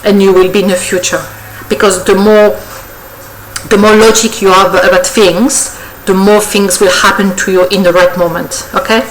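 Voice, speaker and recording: A woman with a mid-range, level voice at a moderate pace gives a weekly tarot reading to her viewers, effusive and coaxing, peppering it with "okay?" check-ins and repetitions. The low-quality recording has slight background noise and faint birdsong.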